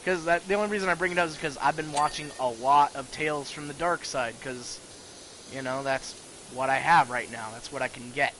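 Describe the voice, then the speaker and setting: A man's voice: on the high side, a little fast, bright, forceful tone, slight background noise, low-quality recording. A man rambling casually and profanely about horror shows while playing a video game. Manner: rambling, profane, full of restarts. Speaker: gaming video host.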